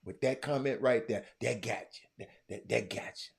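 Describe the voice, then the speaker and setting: A man hosting a livestream, stammering and repeating himself, muttering low one moment and shouting the next. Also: moderate pace, vocal fry, slightly rough. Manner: repetitive, stammering, talks straight to viewers; swings from quiet muttering to loud shouting. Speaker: livestream host. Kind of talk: casual livestream chat.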